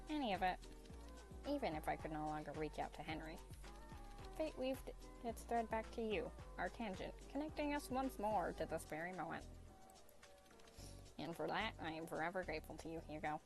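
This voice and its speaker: A gentle, nerdy young man speaks in an earnest, soft manner, as a woman puts him on. His voice sits a little low, with clear background music under it. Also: low-quality recording.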